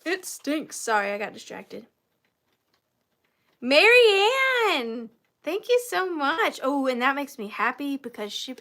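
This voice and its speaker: Her voice is high-pitched with a sharp tone. This woman in her thirties runs a live-stream vintage sale, chatting away, making fun of herself, and getting emotional to the point of tears easily.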